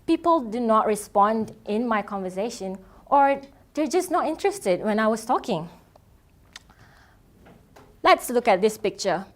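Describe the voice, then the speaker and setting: A woman's voice: fairly high pitch, big pitch swings, measured pace, long pauses. A young woman, a non-native English speaker, giving an earnest prepared presentation as a student keynote speaker at a festival. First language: not English. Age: young adult. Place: event stage.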